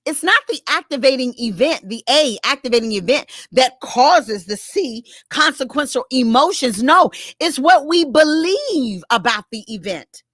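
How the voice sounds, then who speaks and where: A woman's voice: sits high, animated, moderate pace, hardly any pauses, a bit bright, no room sound, studio quality. A middle-aged woman pastor and therapist giving a faith-based talk on mental health, earnest and emphatic, repeating words as she stresses her points.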